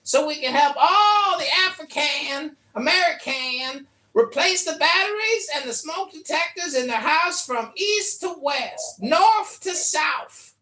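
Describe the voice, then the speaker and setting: High, bright-voiced woman hosting a stream. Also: slow pace, few pauses. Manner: sarcastic, deadpan, shouting announcements. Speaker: live-stream comedy host. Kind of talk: mock sponsor announcements, deadpan. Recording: roomy live-stream audio.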